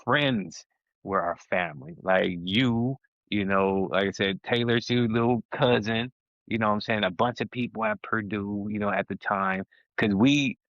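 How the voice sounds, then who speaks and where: A podcast co-host talks emphatically in casual conversation, often restarting his sentences as he gets heated. His voice is lowish and fairly bright at a moderate pace. The recording is dull, lo-fi and dry.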